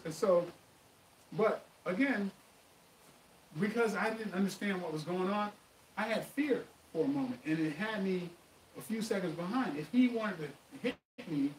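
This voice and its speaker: A man hosts a live martial arts question-and-answer stream, telling stories with animated emphasis. His voice sits fairly high. It comes from off-mic in an echoey room with a faint hiss. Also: distant mic. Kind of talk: live stream chat and storytelling.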